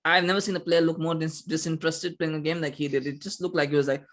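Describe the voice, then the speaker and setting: A man hosting a casual football chat, talking quickly with lots of filler sounds. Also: a little high, fairly bright tone. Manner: fast, chatty, many filler sounds. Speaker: podcast host.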